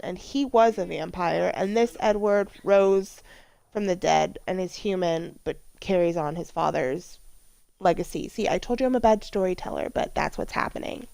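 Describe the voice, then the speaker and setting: A woman's voice: medium pitch, gravelly, darkish tone, dry recording. A woman giving casual, rambling commentary over a life-sim game, telling personal stories, swearing casually and exclaiming at what happens on screen. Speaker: let's play vlogger.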